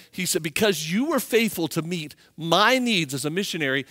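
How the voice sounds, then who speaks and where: Man, pastor, high voice, animated sermon, long church reverb. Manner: animated preaching, rising and falling intensity. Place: church sanctuary.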